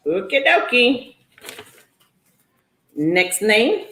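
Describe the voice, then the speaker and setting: A woman's voice: on the high side, sing-song, unhurried, long pauses, fairly bright tone, roomy sound. A woman hosting a live online giveaway in a playful, goofy way, calling out names again and again. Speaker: host. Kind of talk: live-stream giveaway, casual chat.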